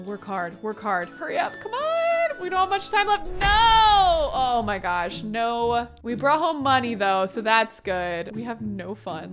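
A woman hosting a let's play, chatting excitably with frequent exclamations as she plays. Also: fairly high pitch. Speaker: gaming host.

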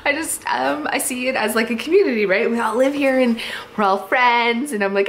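A woman's voice: on the high side, normal speed, a bit bright, slight background noise. A woman from Canada, host of a home organizing vlog, telling a story in a chatty, rambling way with many fillers and giggles.

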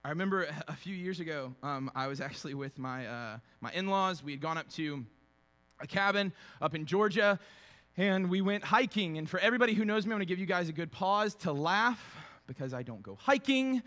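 A young man delivers a casual, joking sermon, bouncing between teaching and playful acted-out quotes. His voice sits high and sounds bright. It rings with the long reverb of a large church hall. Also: fairly quick. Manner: animated, acts out quotes with funny voices. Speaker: pastor.

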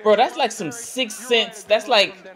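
A man's voice: high-pitched, measured pace, fairly bright tone. A man hosting a sports reaction video, chatting casually in slangy banter and chuckling at plays.

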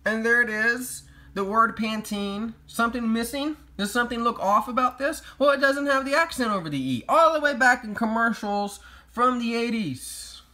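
A man's voice: extremely high pitch, lively intonation, normal speed, hardly any pauses, bright, forceful tone. A man delivering sarcastic, mock-outraged comedic commentary as a vlogger. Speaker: YouTube vlogger.

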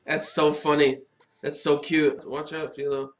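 Reacting to an anime, a man offers excitable, casual commentary full of chatter and laughter. His voice is a little high and his pace a little slow.

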